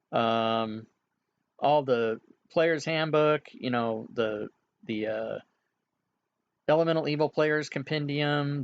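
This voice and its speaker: Relaxed game master, slightly dull audio. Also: male voice, fairly high pitch. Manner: relaxed, explanatory, with frequent filler sounds. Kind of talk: casual instructions during an online game session.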